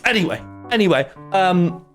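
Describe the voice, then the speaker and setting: A young man spins a rambling tale to his stream chat, swearing as he goes. His pitch leaps up and down, and faint music plays softly behind him. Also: normal speed. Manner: animated, rambling, swears often. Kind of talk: live-stream storytelling to chat. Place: home streaming room.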